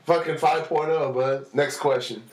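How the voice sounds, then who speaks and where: A man hosting a podcast, teasing his friend loudly with constant swearing and casual trash talk. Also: on the high side, fairly even intonation, normal speed. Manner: brash, teasing, heavy swearing. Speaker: podcast host. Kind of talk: casual profane banter. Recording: echoey room, distant mic, faint noise.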